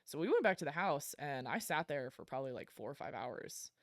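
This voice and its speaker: A woman guest on a podcast, telling a story in casual talk, animated and self-deprecating, laughing often and with plenty of fillers. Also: sits low, brisk, dry recording, clean studio sound. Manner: frequent fillers like um and like.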